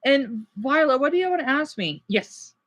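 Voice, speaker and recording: A man's voice: very high-pitched, animated, moderate pace, fairly bright tone, slight background noise. A young man vlogging casually, rambling and interrupting himself while drawing a chart and airing complaints. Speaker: gaming vlogger.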